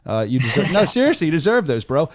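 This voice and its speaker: A man with a Philadelphia-area accent hosting a casual chat, enthusiastic and full of quick restarts. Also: a little high, very animated. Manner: enthusiastic, rapid, stumbling restarts. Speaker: host.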